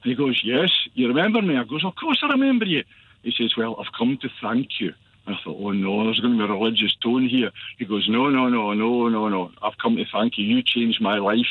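A man's voice: mid-range voice, fairly quick, slightly rough, no room sound. An older man with a Scottish accent rambles happily through a story, full of "uh"s and asides. He is heard over a tinny, dry phone line, as a caller to a radio phone-in. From Scotland. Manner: rambling, enthusiastic anecdote-teller with many fillers. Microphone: telephone.

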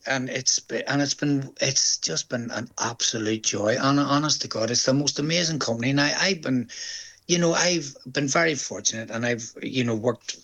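A man's voice: mid-range voice, vocal fry. An older man with a Northern Irish accent, a stage actor chatting in an interview, telling stories and acting out the voices of the people he quotes. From Northern Ireland. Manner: chatty storyteller, quotes others in lively voices. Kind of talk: casual interview chat.

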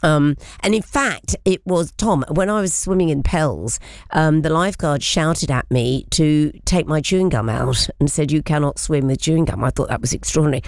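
A woman's voice: low-pitched, animated, moderate pace, dry recording, clean studio sound. A woman, hosting a chatty interview and laughing often. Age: 60s. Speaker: radio presenter. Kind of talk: casual interview chat.

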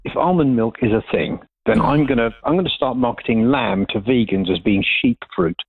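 A man calling in to a radio phone-in and telling a jokey, animated story. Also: mid-range voice, a little fast, vocal fry, breathy edge, dry recording. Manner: jokey, animated anecdote-teller. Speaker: caller. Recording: tinny phone line.

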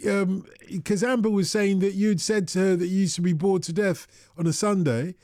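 A man's voice: high-pitched, fairly even intonation, moderate pace, darkish tone, dry recording. A man hosting a late-night radio phone-in, chatting in a rambling, teasing way into a studio microphone.

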